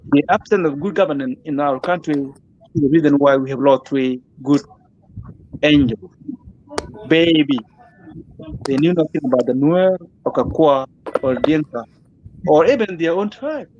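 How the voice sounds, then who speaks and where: Grieving man, high voice, muffled. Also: a little mellow, slight background noise. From South Sudan. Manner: grieving, repetitive, impassioned. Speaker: guest. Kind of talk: emotional plea in an online interview.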